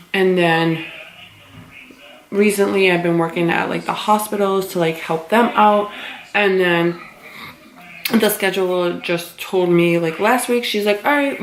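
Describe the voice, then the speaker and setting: A woman's voice: on the low side, reverberant. A young woman from Massachusetts chatting casually in her home kitchen, rambling through a story with lots of fillers. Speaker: vlogger. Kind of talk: casual vlog chat.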